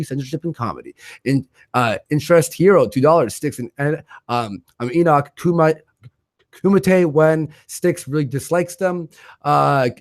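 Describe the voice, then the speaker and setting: A man hosting a livestream, quickly reading out viewer donations and their messages in a casual way. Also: on the high side, no echo, clean studio sound. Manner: rattles off donor names and messages. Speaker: livestream host.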